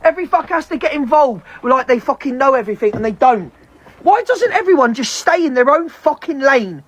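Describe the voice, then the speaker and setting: A woman's voice: high voice, very animated, dull audio. A woman on a live stream, venting in a heated, profane rant. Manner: heavy swearing, fast heated ranting.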